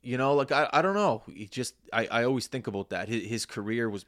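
A man's voice: mid-range voice, fairly quick. A young man from Canada's East Coast, co-hosting a casual sports podcast and rambling with lots of restarts. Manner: rambling, animated, restarts mid-sentence. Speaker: podcast co-host.

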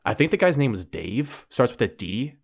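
A man's voice: medium pitch, sing-song, moderate pace, vocal fry. A young man hosting a casual podcast, retelling a story in a rambling way full of fillers and restarts. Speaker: podcast host.

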